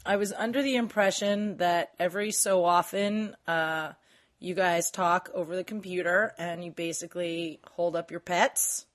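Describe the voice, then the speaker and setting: A woman's voice: lowish voice, steady tone, moderate pace. A woman who is a guest on a comedy podcast, answering hesitantly and laughing often. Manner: hesitant, giggly. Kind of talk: casual comedic chat.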